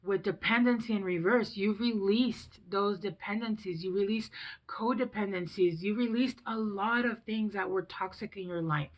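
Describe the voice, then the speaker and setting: A woman in her thirties reads tarot casually for the camera at a moderate pace and medium pitch. Emotional and rambling, she often lets sentences trail off before restarting them.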